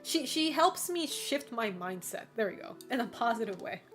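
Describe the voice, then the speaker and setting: A woman's voice: fairly high pitch, sing-song, normal speed, over music. Rambling young woman streamer. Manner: rambling, filler-heavy, casual swearing, frequent laughter. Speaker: livestreamer. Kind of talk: casual chat while streaming.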